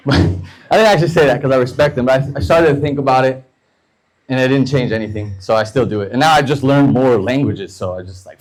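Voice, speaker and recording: A man in his thirties from the United States doing a stand-up set, telling loose, profane stories and slipping into quick voices for the people in them. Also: medium pitch, rough recording. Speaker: stand-up comedian.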